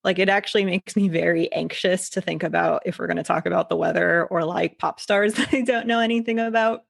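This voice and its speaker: A woman's voice: fairly low pitch, steady tone, a little fast, gravelly. A woman who is a life coach, speaking as a podcast guest in a thoughtful, reflective way. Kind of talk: casual interview chat.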